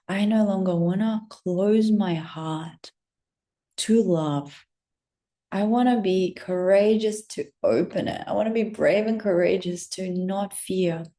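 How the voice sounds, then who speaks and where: A gravelly, low-toned woman tells a story to camera in a loose, chatty way, with casual swearing. Her voice is dark and mellow, sinking to breathy whispers and then leaping into high, excited bursts. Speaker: spiritual vlogger.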